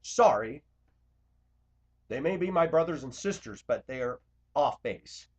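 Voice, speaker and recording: A man speaking to camera in an impassioned confessional monologue, blunt and confrontational, swinging between loud outbursts and quiet asides. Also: mid-range voice, expressive, a little slow. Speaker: Christian video blogger. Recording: dull lo-fi recording.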